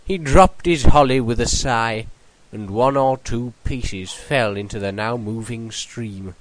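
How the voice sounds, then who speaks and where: A man's voice: medium pitch, slow pace, no room sound, rough recording. A British man hosting a comedy show, reading a mock storybook in an earnest bedtime-story manner.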